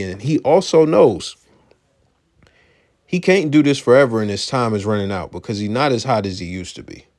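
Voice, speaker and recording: A man's voice: on the low side, a little mellow. A man hosting a podcast, giving blunt, emphatic commentary in a conversational way. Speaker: podcast host. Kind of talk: casual commentary.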